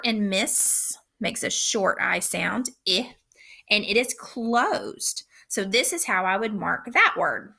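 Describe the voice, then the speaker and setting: A woman teacher gives a recorded phonics lesson for young children, speaking slowly and patiently with careful, clear enunciation. Her voice is a little high, with a bright, forceful tone.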